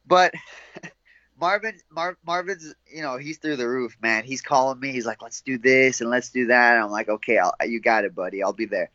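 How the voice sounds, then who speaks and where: A man's voice: mid-range voice, moderate pace, no room sound. Young fighter guy chatting, laughs a lot, muffled dry audio. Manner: laughs often, animated storytelling with quoted voices. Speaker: fighter being interviewed. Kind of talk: casual interview chat.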